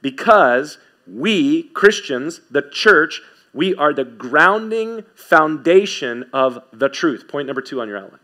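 A man preaching a sermon as pastor, emphatic, repeating key phrases and swinging from quick asides to slow, stressed words. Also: on the high side, animated, sharp tone.

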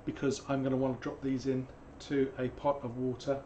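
A hoarse man, teaching painting on a live stream in a chatty, digressive way with jokey asides. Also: mid-range voice, level tone, brisk, dark tone, slight background noise. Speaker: painting instructor.

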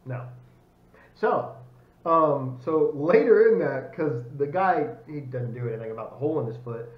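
A man's voice: fairly high pitch, expressive, normal speed. An American man co-hosting a podcast, telling a long rambling story in casual chat with many fillers, on a lapel mic. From United States. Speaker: podcast co-host. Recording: echoey room, slightly dull sound.

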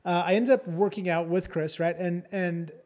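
A man's voice: high voice, fairly even intonation, normal speed, a little mellow. A man co-hosting a podcast, telling a story in a chatty, casual way and often checking in with "right?". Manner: chatty, keeps adding "right?" and "like". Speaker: podcast co-host.

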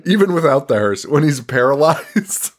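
A man's voice: fairly high pitch, sing-song, normal speed. A man co-hosting a podcast, casually recapping a film with lots of swearing, laughter and mocking quotes. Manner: profane, laughing, rambling recap with mock quotes. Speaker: podcast co-host. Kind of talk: casual chat recapping a movie.

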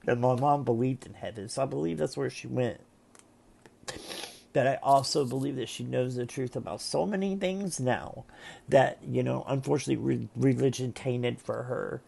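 A man with a deeply gravelly, rough-edged voice speaks to camera while seated at home. His speech is halting and emotional, full of restarts and pauses. His pitch sits in an ordinary middle range. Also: dark tone. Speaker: tarot reader and vlogger. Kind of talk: casual heartfelt monologue to camera.

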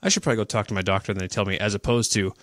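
A man's voice: on the low side, fairly even intonation, rapid-fire, fairly bright tone, no echo, studio quality. A man co-hosting a podcast, blunt and casual in discussion. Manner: blunt, casual, a bit profane.

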